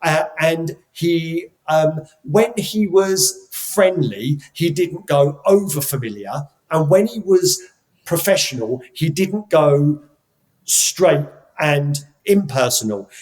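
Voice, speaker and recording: A man's voice: a little high, expressive, slow pace, a little mellow, low-quality recording. A middle-aged man from England, a podcast guest, tells stories about his career in a reflective way, often restarting and repeating words as he thinks. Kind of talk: reflective storytelling.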